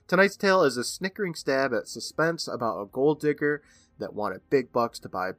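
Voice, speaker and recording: A man's voice: mid-range voice, big pitch swings, normal speed, a bit bright, dry recording. A man in his thirties co-hosting a podcast, eagerly retelling an episode in casual chat and laughing often. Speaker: podcast co-host.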